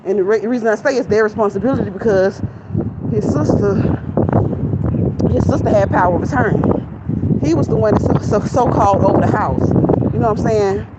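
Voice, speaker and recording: Here a young woman talks candidly to her audience while out on a walk by a shopping center, chatty and out of breath as she vents. Her voice is mid-range and a little fast, broken by long pauses, and the phone recording is lo-fi with traffic noise.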